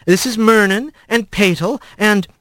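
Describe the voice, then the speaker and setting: A man voicing a young female mouse, the lodge mistress, speaking in a gentle, delighted way. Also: high-pitched, a little slow, no room sound, clean studio sound, pitched above the performer's own voice. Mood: cheerful.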